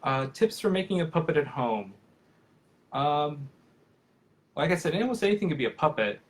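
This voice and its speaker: A man's voice: on the high side, big pitch swings, moderate pace. Chatty male puppeteer rambling on a call. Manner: rambling and friendly, many fillers and restarts. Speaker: professional puppeteer. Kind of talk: casual live Q&A on a video call.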